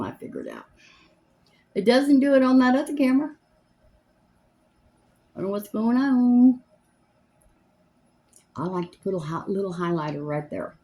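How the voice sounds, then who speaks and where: A woman's voice: mid-range voice, darkish tone. A woman, chatting in a rambling, homespun way as she does her makeup at home. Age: 70s. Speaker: makeup vlogger. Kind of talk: casual chat while doing makeup. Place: home, seated in a chair.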